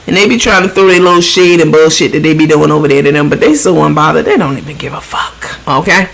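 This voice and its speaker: A woman's voice: low voice, fast talker, vocal fry, poor audio. A woman hosting a casual gossip commentary show, blunt and profane, mocking the people she talks about and mimicking their voices. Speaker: show host.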